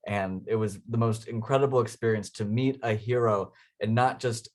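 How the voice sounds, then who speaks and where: Man, lower voice, excited storyteller, laughs a lot, lots of ums. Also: moderate pace. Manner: enthusiastic, laughs often, frequent um and uh. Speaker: interview guest, inventor. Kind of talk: casual storytelling.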